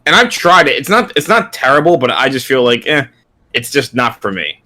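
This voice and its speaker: A young man with a bright, forward voice chats casually on a podcast, tripping over his words and repeating himself. He sounds loose and self-deprecating. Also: medium pitch, very animated, fairly quick. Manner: stammering, chatty, self-deprecating. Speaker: podcast co-host.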